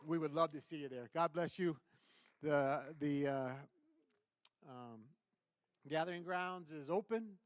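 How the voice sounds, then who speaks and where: Earnest man giving church announcements, smooth voice. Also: a little high, dry recording. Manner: earnest, enthusiastic, halting with restarts. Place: church sanctuary.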